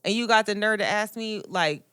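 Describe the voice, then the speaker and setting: A young woman co-hosting a casual podcast, talking in an animated, opinionated way with quick asides. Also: mid-range voice, clean tone, no echo, clean studio sound. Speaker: podcast co-host. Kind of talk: casual chat.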